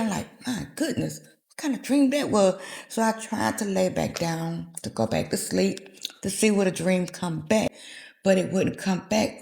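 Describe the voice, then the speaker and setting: A woman's voice: mid-range voice, vocal fry, a little mellow. A woman in her fifties, a guest telling a personal story and acting out the voices in it. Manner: vivid retelling, acting out quoted dialogue. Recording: echoey room.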